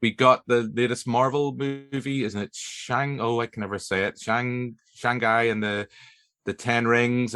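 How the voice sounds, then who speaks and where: A man's voice: on the low side, bright, forceful tone, no room sound, clean studio sound. A man with a Northern Irish accent hosting a movie podcast, chatting casually in a jokey, rambling way with many fillers. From Northern Ireland. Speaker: podcast host. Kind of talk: casual chat.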